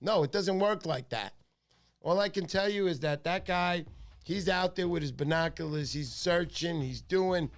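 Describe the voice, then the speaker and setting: A middle-aged man hosting a casual livestream, telling excitable stories and acting out the voices of the people in them. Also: fairly high pitch, moderate pace. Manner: excitable storyteller, acts out voices in his stories. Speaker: livestream host.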